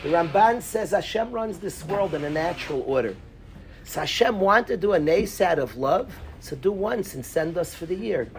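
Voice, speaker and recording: High-voiced animated rabbi teaching students. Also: male voice, moderate pace, gravelly, a little hiss or hum. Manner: animated, quizzes students by name, mixes in Hebrew and Yiddish terms. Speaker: rabbi teaching a Talmud class. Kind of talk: lively Talmud lesson. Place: synagogue classroom.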